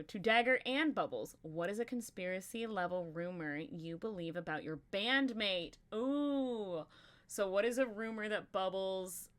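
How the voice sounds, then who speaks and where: A woman's voice: on the low side, a bit bright, clear, resonant tone. A woman hosting a casual podcast chat, rambling and giggly with frequent fillers. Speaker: podcast host.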